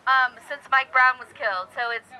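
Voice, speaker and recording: A woman's voice: high-pitched, normal speed, sharp tone, clear, resonant tone, rough recording. A woman activist speaking to a gathering, earnest and emphatic. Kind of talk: addressing a gathering.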